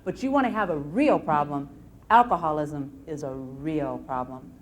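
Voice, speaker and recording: A woman lecturing on anxiety at a live seminar, telling case stories in an animated way with frequent restarts. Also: low voice, normal speed, a little hiss or hum. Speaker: anxiety self-help lecturer. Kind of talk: live motivational seminar talk.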